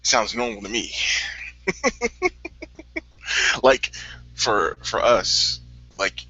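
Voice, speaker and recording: Easygoing man from the Midwest, lively voice. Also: on the low side, drawn-out words. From American Midwest. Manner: easygoing, laughs often, repeats words when starting a thought. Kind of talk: casual chat. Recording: dry, dull lo-fi audio.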